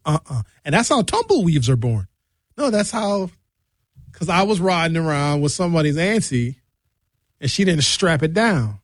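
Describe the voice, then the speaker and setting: A man's voice: fairly high pitch, very animated, moderate pace, no room sound. A man hosting a radio show, rambling through a bawdy comic monologue. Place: radio studio.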